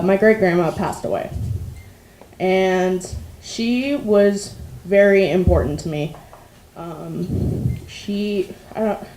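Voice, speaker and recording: A teenage girl telling a personal story at a live school story slam, halting and quiet, with many ums and restarts. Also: mid-range voice. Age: teens. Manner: quiet and subdued. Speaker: student storyteller. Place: school auditorium or hall, on stage. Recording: roomy hall echo, faint room noise.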